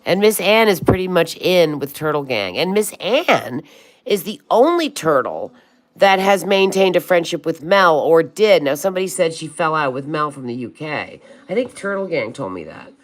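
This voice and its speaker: Lady in her 60s chatting on her livestream, calls everyone honey, swears a bit, slightly low voice. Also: sing-song, moderate pace. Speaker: livestream host. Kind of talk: casual livestream chat reading comments.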